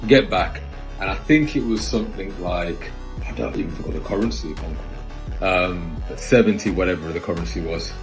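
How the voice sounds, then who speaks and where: A man telling a story in a casual, slangy, animated way, vlog style. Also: low voice, moderate pace. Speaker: vlogger. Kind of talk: storytime monologue. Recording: roomy echo with faint music.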